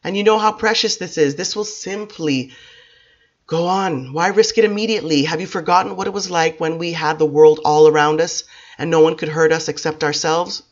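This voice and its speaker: A woman voicing an earnest, gentle and wary male vampire who pleads in an even tone. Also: low voice, normal speed, muffled recording. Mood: pleading.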